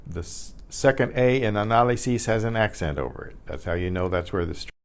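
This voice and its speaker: A man teaching a beginners' Spanish lesson, saying each word slowly several times and spelling it out, and clearing his throat now and then. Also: fairly low pitch, animated. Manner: slow, repeats each word many times.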